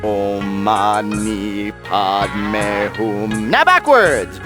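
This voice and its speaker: A sarcastic game sidekick. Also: male voice, on the low side, lively intonation, very slow. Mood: playful. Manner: sarcastic, playful, chants and sings. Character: jokey, irreverent male AI companion. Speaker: wisecracking sidekick in a video game. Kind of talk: video game voice acting. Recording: game audio with music behind. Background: game music.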